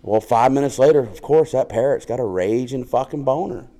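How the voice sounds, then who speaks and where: A man's voice: medium pitch, brisk, dark tone. A man co-hosting a casual podcast, joking crudely and laughing often as he tells stories. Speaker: podcast co-host.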